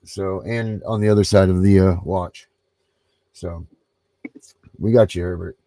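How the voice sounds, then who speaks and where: A man's voice: low voice, fairly even intonation, a little slow, dark tone, dry recording, poor audio. A man hosting a casual livestream chat, loose and rambling, with frequent ums. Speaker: livestream host.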